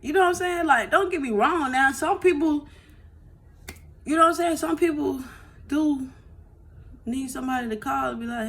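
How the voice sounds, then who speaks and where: A woman's voice: sits high, normal speed, long pauses, a bit bright. A woman vlogger telling her story to viewers on a phone, emotional and blunt, swearing freely and often asking "you know what I'm saying".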